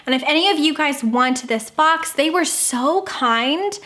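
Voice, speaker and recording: A young woman hosting a casual unboxing vlog, gushing and excitable, with squeals and gasps. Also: sits high, measured pace. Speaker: book vlogger.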